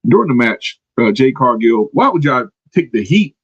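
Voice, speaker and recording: A man hosting a wrestling podcast in casual chat, animated and laughing often. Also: medium pitch, normal speed, slightly rough, dry recording, muffled recording. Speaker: podcast host.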